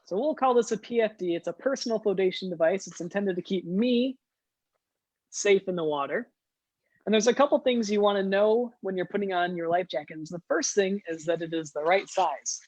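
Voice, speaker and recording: A man's voice: sits high, fairly quick, darkish tone, no echo, low-quality recording. A man hosting a scouting den meeting for young kids, upbeat and leading activities with frequent "uh" fillers.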